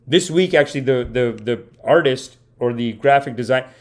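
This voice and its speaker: A man's voice: mid-range voice, moderate pace. A man hosting a live comedy podcast, telling stories in a rambling, mock-earnest style and praising himself. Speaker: podcast host. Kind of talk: comedic livestream monologue. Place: home streaming setup.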